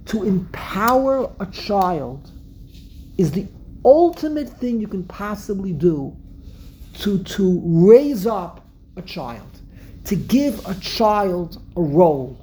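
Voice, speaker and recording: A woman from Brooklyn with a Brooklyn accent, giving a religious lesson with an animated storyteller's habit of repeating and restarting phrases. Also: mid-range voice, slow, slight background noise, poor audio. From Brooklyn, USA. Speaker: religious teacher. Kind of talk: Passover lesson talk.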